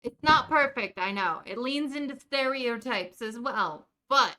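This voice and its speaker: A woman's voice: fairly high pitch, animated, measured pace, sharp tone. A woman streamer chatting casually while gaming, teasing the characters in a put-on Jersey accent. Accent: put-on New Jersey. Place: indoor room at home.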